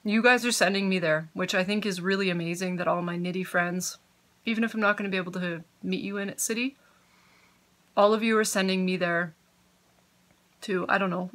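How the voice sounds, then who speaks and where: A woman's voice: fairly low pitch, steady tone, brisk, fairly bright tone. A woman hosting a podcast from home, chatting casually and giggling as she gets sidetracked. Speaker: podcast host. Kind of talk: casual chat.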